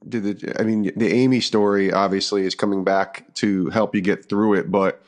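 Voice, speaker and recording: A man's voice: lowish voice, steady tone, moderate pace. A man hosting an interview, asking long questions with restarts. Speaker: podcast host.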